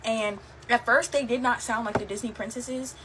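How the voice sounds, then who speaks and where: Brief: young woman, slightly high voice, casual storyteller, faint hum behind. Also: fairly even intonation, moderate pace. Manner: chatty, lots of fillers, laughs while telling.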